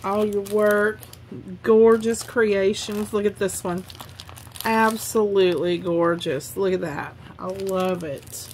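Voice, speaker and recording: Speaking slowly in a steady, slightly mellow medium-pitched voice, a craft-channel host gushes over handmade cards she received. It's casual, effusive unboxing chat with a bit of background noise.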